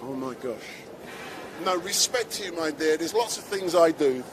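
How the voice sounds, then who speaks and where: A man's voice: on the high side, expressive, moderate pace. Chatty man interviewing on a busy street. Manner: chatty, exclaiming. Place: busy city street outdoors. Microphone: handheld microphone. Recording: noisy street, traffic behind.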